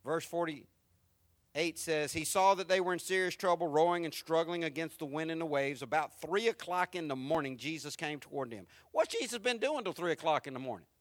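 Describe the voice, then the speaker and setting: A man preaching a sermon, moving from quiet, reflective lines to loud, repeated build-ups. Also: on the high side, expressive, normal speed, no echo. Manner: swings from quiet to rising, repetitive preaching. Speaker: pastor.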